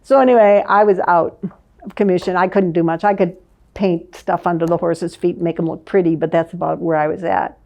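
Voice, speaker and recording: An older woman, a former advertising manager, reminiscing in a lively storytelling way and laughing often. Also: on the low side, a little fast, creaky. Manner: lively, laughs often, vivid scene-setting.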